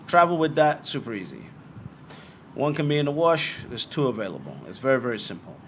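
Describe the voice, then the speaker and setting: A young man from Britain hosting a casual livestream, answering viewer questions bluntly and swearing freely. His voice sits at a middle pitch, with faint noise and room ambience behind it. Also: brisk. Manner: blunt, swearing, animated asides. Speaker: bitcoin livestream host.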